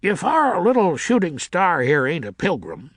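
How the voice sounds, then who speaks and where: A man's voice: high voice, wildly swooping pitch, normal speed, no room sound, studio quality, voice pushed up, heavily acted. A man voicing a cheerful, cheeky male ghost bat with a folksy way of talking.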